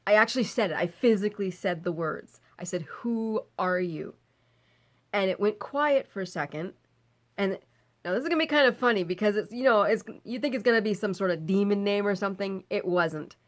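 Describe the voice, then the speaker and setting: A woman recounts a frightening night in casual storytelling. Her voice sits in an average pitch range. She is animated, breaks into laughs often, and swears freely when describing fear. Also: fairly quick. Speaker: vlogger.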